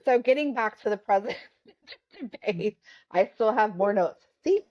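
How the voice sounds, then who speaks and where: A woman's voice: medium pitch, lively intonation, normal speed. Woman co-host, casual chat. Blunt, profane, mimics others. Lo-fi recording. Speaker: podcast co-host.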